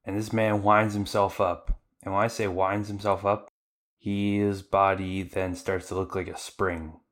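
Male podcast host, casual recap, low-pitched, lots of "like" fillers. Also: measured pace. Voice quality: conversational, filler-heavy, animated retelling. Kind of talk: casual anime episode recap.

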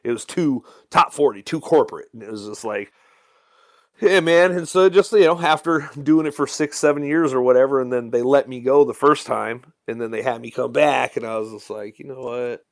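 A man, a musician talking casually in an interview, swearing freely and telling stories with animated swings. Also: mid-range voice, moderate pace. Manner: profane, animated storytelling with frequent "you know what I'm saying". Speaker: musician guest.

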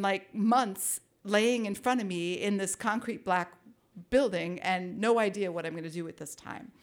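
A woman from Minnesota telling a lively personal story, with wry asides and vivid detail. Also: mid-range voice. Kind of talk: personal story told to an audience.

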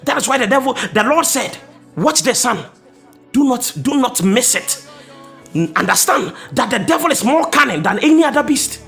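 A man preaching a sermon with impassioned, sing-song delivery, often rising to a shout. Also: extremely high pitch, expressive, moderate pace, creaky, faint music behind.

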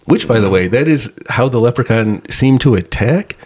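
A man's voice: mid-range voice, lively intonation, moderate pace, a little mellow. A man co-hosting a podcast in casual chat about movies, rambling through joking anecdotes. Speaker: podcast co-host.

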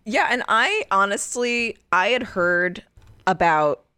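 A woman co-hosting a podcast in casual chat, talking loudly and animatedly and laughing often. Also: mid-range voice, expressive, slow, clean tone, no echo. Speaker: podcast co-host.

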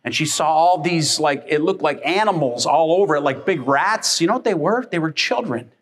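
High-voiced animated male preacher. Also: moderate pace. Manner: animated storytelling, acting out family members. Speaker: pastor. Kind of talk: sermon.

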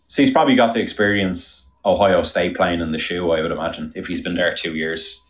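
A man's voice: deep voice, fairly even intonation, a little fast, a bit bright, dull audio. A man with an Irish accent, a guest chatting casually on a podcast. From Ireland. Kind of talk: casual chat.

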